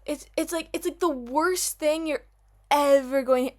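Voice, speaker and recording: High-voiced young woman ranting animatedly. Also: unhurried. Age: young adult. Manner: animated, exaggerated, lots of "like" fillers. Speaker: vlogger. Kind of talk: casual rant to camera. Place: dark bedroom. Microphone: built-in camera mic.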